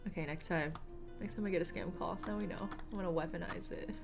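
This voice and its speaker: A woman's voice: fairly low pitch, quick pace, vocal fry. A young woman streaming a game, chatting casually and reading chat aloud between laughs. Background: game music.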